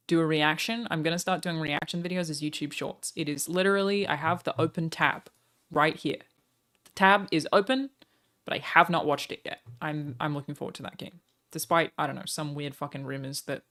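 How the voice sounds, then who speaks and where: A woman's voice: low-pitched, a bit bright. A woman chatting on a live stream. She gushes thanks at donors, reads articles aloud and swears casually as she goes. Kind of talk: live stream chat and reaction.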